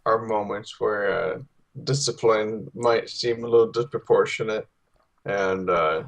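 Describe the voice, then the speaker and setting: A man co-hosting a casual podcast who talks in a relaxed, agreeable way. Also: on the low side, unhurried. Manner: relaxed, agreeable, backchannels a lot. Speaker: podcast co-host. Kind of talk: casual chat.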